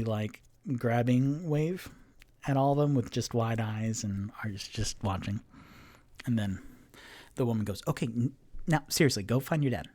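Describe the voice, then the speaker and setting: A man narrating as game master, improvising fantasy scenes in a halting way, with many fillers and restarts. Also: fairly low pitch, warm tone.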